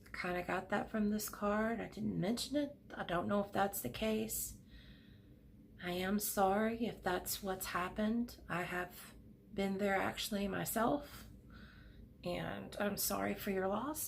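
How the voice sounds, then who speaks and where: Slow, gentle, gravelly-voiced woman reader. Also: medium pitch, slight background noise. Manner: gentle, emotional, soothing, speaks slowly with soft pauses. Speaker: tarot card reader. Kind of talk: pick-a-card tarot reading. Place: home room at a desk.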